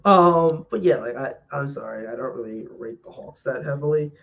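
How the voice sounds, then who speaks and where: A man co-hosting a casual sports podcast, rambling and halting with many fillers as he gives his opinions. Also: mid-range voice, gravelly, a bit bright. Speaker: podcast co-host. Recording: dull lo-fi mic with faint noise.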